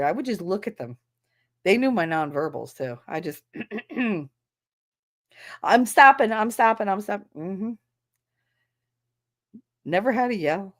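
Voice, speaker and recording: A woman who is a former schoolteacher, talking bluntly and with profanity in a casual livestream chat. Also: medium pitch. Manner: blunt and profane, acts out quoted voices.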